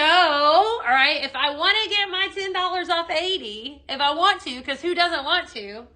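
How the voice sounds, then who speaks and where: Bright, bubbly woman selling home decor. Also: high-pitched. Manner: bubbly, chatty, talks straight to viewers. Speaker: home-decor sales livestream host. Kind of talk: live product demo chat.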